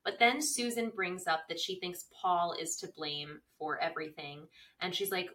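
A woman co-hosts a casual recap podcast with a bright, sharp voice. She chats freely and gives her opinions. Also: fairly low pitch, normal speed. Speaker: podcast co-host.

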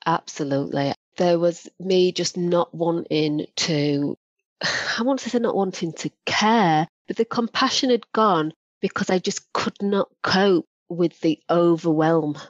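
A woman with a fairly low pitch speaks a little slowly as a podcast guest, a former probation practitioner relating candid stories about her work and animatedly acting out quoted voices. The lo-fi recording is dull, dry, with no echo.

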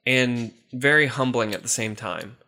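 Hosting a casual chat, this man speaks a little slowly at a medium pitch, his tone bright and forceful. His talk rambles, punctuated by chuckles, and he keeps cutting himself off to begin sentences again.

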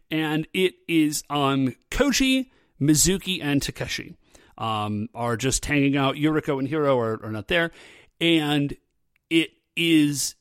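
Lively, rambling male podcast host. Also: a little high, no room sound, clean studio sound. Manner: rambling, filler-heavy, laughs often. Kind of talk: casual episode recap.

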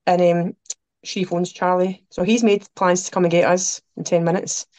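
A Scottish woman, a podcast guest, telling travel stories in lively conversation, acting out what people said and laughing along. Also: fairly low pitch, moderate pace, dry recording. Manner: animated, quotes people, laughs through her stories. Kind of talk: anecdotal storytelling chat.

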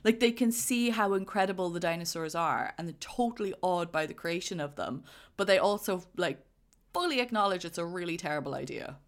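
A woman's voice: on the low side, animated. Chatty woman co-hosting a film podcast. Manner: chatty, quick, laughs often. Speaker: podcast co-host. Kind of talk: casual film discussion.

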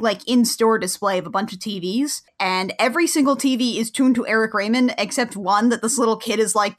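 A woman co-hosting a podcast, recapping an episode in an animated, jokey way and acting out the characters' quotes. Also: mid-range voice. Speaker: podcast co-host. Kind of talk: casual recap chat.

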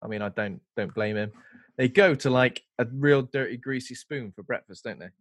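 A man's voice: mid-range voice, normal speed, no room sound. A young man co-hosting a casual film review podcast, telling stories and acting out what characters say. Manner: animated storyteller who acts out quotes. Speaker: podcast co-host.

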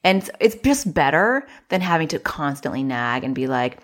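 A woman's voice: low voice, very animated, normal speed, few pauses, fairly bright tone. A woman child therapist hosting a podcast, giving casual advice in a chatty, self-deprecating way and acting out little quotes.

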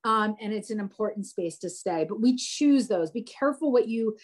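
A woman in her forties talking in a casual podcast chat, animated and rambling with frequent restarts. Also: medium pitch, moderate pace. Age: 40s. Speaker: podcast guest.

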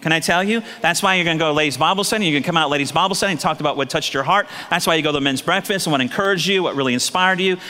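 A middle-aged man preaching a sermon as pastor, lively and joking with asides to the congregation, in a large church. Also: a little high, racing, few pauses. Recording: long hall reverb.

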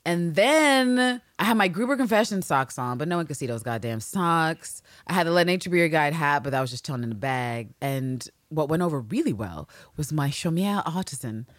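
Low-voiced, lively woman podcaster. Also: moderate pace, few pauses, no room sound, clean studio sound. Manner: animated storytelling, swearing, bursts of loud laughter. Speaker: podcast co-host. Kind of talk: casual chat.

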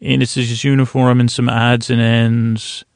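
A man with a gravelly, creaky voice drifts through an episode recap for a sleep podcast, hesitating and restarting often. His pitch barely moves, giving a flat, steady drone, and the sound is dry and close, with no room around it. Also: dry recording. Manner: meandering, hesitant, many fillers and restarts; mild, drowsy, unhurried delivery. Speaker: podcast host.

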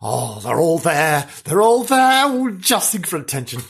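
A man hosting a comic spooky-story podcast, telling legends theatrically and swinging between gushing exclamations and hushed, sinister murmurs. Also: fairly high pitch, big pitch swings, moderate pace, vocal fry, few pauses. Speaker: podcast host.

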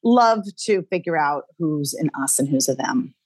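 Energetic woman, dry sound. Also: low voice, normal speed, no echo. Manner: energetic, thinks aloud with restarts. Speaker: dialect coach guest. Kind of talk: casual interview chat.

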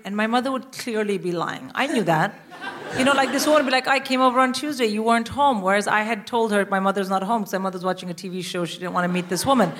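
Woman, middle-aged, stand-up storytelling, animated and profane, loud background noise. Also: medium pitch. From India. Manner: animated, profane, punchy delivery with frequent laughter. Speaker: stand-up comedian guest. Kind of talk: live comic storytelling. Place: live theatre stage with audience.

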